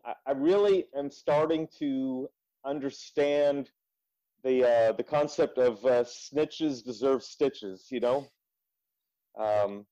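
Podcast guest, male, animated storyteller, dull lo-fi sound. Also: on the high side. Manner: animated storytelling, swears freely. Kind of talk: casual chat. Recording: muffled lo-fi audio.

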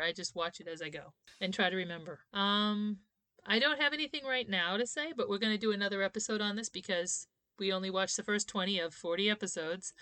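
Woman, 30s, casual podcast chat, opinionated, bright tone, dry close sound. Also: mid-range voice, dry recording. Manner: chatty, opinionated, laughs often. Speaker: podcast co-host.

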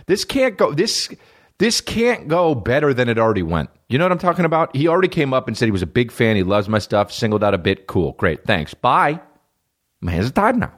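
A young man hosting a comedy podcast, ranting profanely, jumping between loud high bursts and low mumbled asides. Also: sing-song, moderate pace. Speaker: podcast host. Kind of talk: solo comedic podcast rant.

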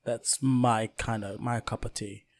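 A young man with a mid-range voice co-hosting a relaxed podcast. He talks through his opinions in a measured way, pausing often with ums and uhs. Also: medium pitch. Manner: measured, hesitant, lots of fillers. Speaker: podcast co-host. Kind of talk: casual film chat.

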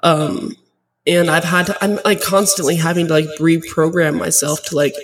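A woman's voice: low-pitched, steady tone, normal speed, recorded from a distance, low-quality recording. Tearful young woman, mic set back. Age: 20s. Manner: rambling, heavy on "like" fillers, open and confessional. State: tearful, choked up. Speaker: podcast host. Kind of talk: casual solo podcast talk.

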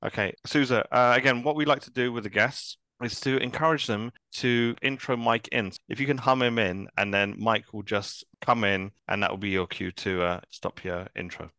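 A man's voice: lowish voice, steady tone, moderate pace, few pauses, pushed and bright, no echo. A man co-hosting a music podcast, joking and teasing in casual chat. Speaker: podcast co-host.

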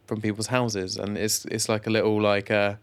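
A man's voice: lowish voice, level tone, moderate pace, smooth. A man with an English accent co-hosting a podcast, chatting casually with many fillers and restarts. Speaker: podcast co-host. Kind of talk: casual chat.

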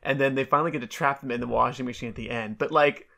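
Animated chatty woman podcaster. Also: a bass voice, very fast, vocal fry. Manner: chatty, animated, laughs often. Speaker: podcast co-host. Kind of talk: casual chat.

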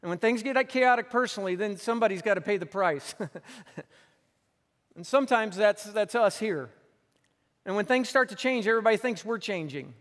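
A man's voice: high voice, animated, moderate pace, pauses often, a bit bright, big-room sound. A man preaching a sermon as pastor on a church stage, telling a story earnestly and repeating phrases for emphasis.

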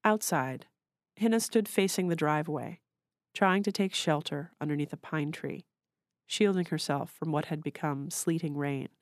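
In a low voice, a woman reads a short story she wrote herself, measured and literary in her delivery. The recording is dry and close.

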